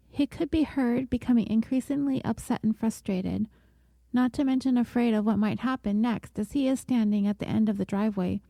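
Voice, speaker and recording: A woman podcast host reading a scripted true-crime story in a measured, deliberate way. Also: fairly high pitch, mellow, no room sound.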